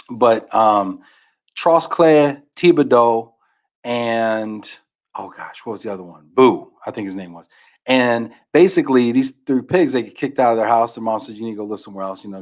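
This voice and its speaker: A man on a podcast, animatedly retelling a children's book, whose voice often drops to a mumble. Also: fairly low pitch. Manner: animated storyteller, trails off into mumbles. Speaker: podcast guest. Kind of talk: casual chat.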